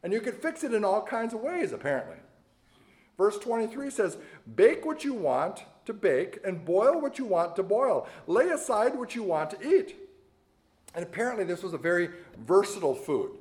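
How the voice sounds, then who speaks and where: A man preaching a sermon in a conversational, animated way, often checking in with the congregation. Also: high voice, moderate pace. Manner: animated, conversational preaching with frequent "right?" asides. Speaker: pastor.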